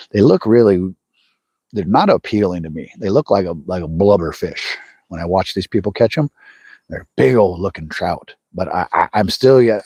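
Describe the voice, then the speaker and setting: Hosting a fishing livestream from a lake outdoors, a man with a low, slightly mellow, husky voice chats casually. He rambles in a folksy way, restarts words, and speaks directly to viewers, recorded dry at studio quality.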